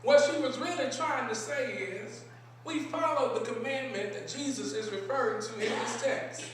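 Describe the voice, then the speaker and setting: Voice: medium pitch, normal speed, very echoey, a little hiss or hum. A preacher delivering a sermon in a large synagogue sanctuary, asking rhetorical questions and repeating key phrases, recorded from a distance.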